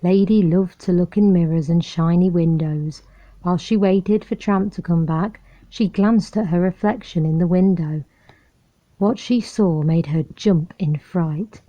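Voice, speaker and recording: A woman reads a children's storybook aloud in a calm, friendly voice. Her pace is very slow and her tone is low, soft and mellow. The recording sounds muffled and lo-fi. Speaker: storybook reader.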